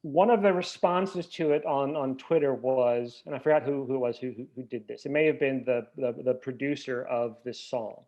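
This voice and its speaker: A man guesting on a casual podcast chat, ranting in a mock-indignant, animated way. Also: medium pitch, moderate pace, hardly any pauses. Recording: dull lo-fi sound.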